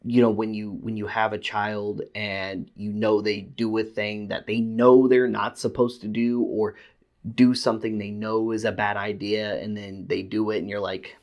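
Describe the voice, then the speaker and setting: A man's voice: lowish voice, little pitch movement, moderate pace, a little mellow. A man reviewing a collectible figure in a casual, stammering way, often repeating words as he rants and then apologizes. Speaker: toy reviewer.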